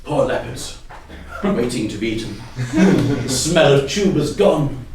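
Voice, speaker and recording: A man with an English accent telling an improvised comic story on stage, laughing often and picking up shouted suggestions. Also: mid-range voice, measured pace, far from the mic, slight background noise. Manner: animated, laughing often, repeating audience suggestions. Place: theatre stage with live audience. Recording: echoey hall recorded from afar.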